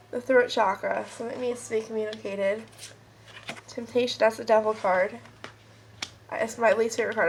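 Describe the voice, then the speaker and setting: A woman's voice: on the high side, a little hiss or hum, poor audio. Stuffy-nosed woman doing a chatty tarot reading. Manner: chatty, rambling, talks straight to viewers. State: stuffed up, sniffly nose. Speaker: tarot card reader. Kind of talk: casual pick-a-card tarot reading. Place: at home with kids and a puppy nearby.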